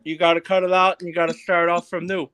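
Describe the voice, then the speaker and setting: A man's voice: sits high, flat delivery, quick pace, a bit bright, slight background noise. A man, a guest tradesman chatting casually in folksy plain sayings. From New York. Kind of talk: casual chat.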